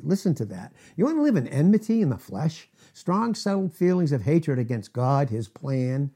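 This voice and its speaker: A middle-aged man preaching a sermon as pastor, emphatic, asking rhetorical questions and swinging from loud to hushed. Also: on the high side, sing-song, moderate pace, hardly any pauses, breathy edge.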